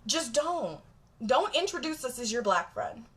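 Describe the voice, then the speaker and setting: A woman's voice: high-pitched, very animated, unhurried. A woman vlogger talking straight to camera in a blunt, profane, emphatic rant. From Jamaica.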